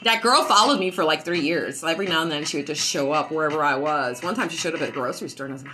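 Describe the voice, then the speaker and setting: A woman at home casually telling a story, profane and animated, often laughing as she talks. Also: low voice, very fast, hardly any pauses, soft background music, poor audio. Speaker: vlogger.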